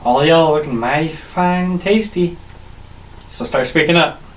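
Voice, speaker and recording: A man's voice: a little high, a little slow, a little hiss or hum, lightly acted, rough recording. A man voicing a tentacled, brain-eating monster that questions and threatens its captives. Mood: menacing.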